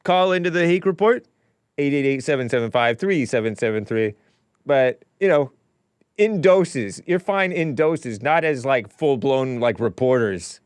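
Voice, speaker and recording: Male talk show host, unhurried, rambling, dry close sound. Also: medium pitch, animated, clear, resonant tone, no room sound. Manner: rambling, musing, offhand asides. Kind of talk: casual livestream monologue.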